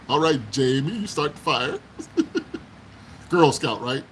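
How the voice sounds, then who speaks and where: A man's voice: mid-range voice, lively intonation, unhurried, long pauses, a bit bright, a little hiss or hum, low-quality recording. A man hosting a casual livestream, chatting with viewers, laughing often and exclaiming as he talks. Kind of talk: casual live chat. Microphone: phone.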